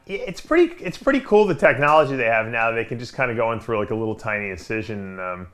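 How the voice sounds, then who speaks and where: A man's voice: mid-range voice, expressive, quick pace, a bit bright. A man hosting a podcast, telling stories in a casual, rambling way with lots of filler words. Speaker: podcast host. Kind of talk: casual storytelling chat.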